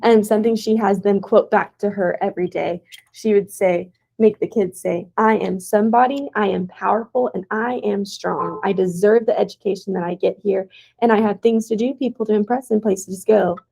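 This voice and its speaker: A woman's voice: mid-range voice, steady tone, a little fast, creaky, dark tone, rough recording. A young woman teacher giving a casual presentation to teaching aides, with plenty of "um"s along the way. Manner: casual, with many "um"s and "y'all".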